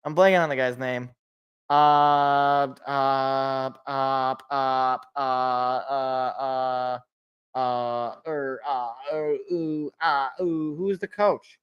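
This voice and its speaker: A man hosting a sports podcast alone, ranting in a rambling, animated way and cutting himself off. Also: mid-range voice, very slow, clean tone, dull audio. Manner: rambling, animated, self-interrupting. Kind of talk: casual solo sports rant.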